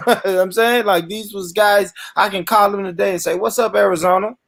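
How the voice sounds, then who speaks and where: A man's voice: high voice, steady tone, brisk, fairly bright tone. A man from Tennessee hosting a casual panel chat, easygoing, laughing often and steering the talk. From Tennessee, United States. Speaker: podcast host.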